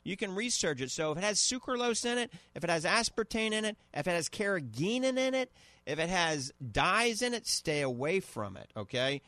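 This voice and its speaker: A man's voice: high voice, big pitch swings, normal speed, pushed and bright, no room sound. A man with a New Orleans accent hosting a call-in radio health show, chatting enthusiastically and giving recommendations. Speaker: radio show host and eye doctor. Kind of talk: casual call-in radio chat.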